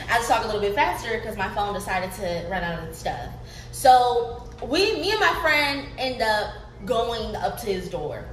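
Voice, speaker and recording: A young woman telling a story in a lively, profane way, often breaking into laughter. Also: fairly high pitch. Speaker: vlogger. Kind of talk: storytime vlog. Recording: roomy, off-mic, faint music behind.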